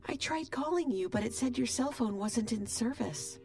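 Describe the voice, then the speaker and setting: A woman voicing an anxious young woman who speaks higher and breathier, tender and emotional. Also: animated, normal speed, darkish tone.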